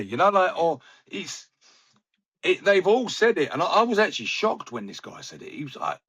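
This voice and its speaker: A man chatting loosely about football, his voice bright and forward. He tells long rambling anecdotes and slips into the voices of the people he quotes. Casual, unscripted talk between mates. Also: sits high, sing-song, normal speed, breathy edge. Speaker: podcast co-host.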